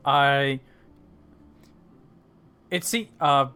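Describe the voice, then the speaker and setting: A man's voice: medium pitch, moderate pace, sharp tone, faint music behind. A man narrating a tabletop game as dungeon master, rambling with many fillers and restarts.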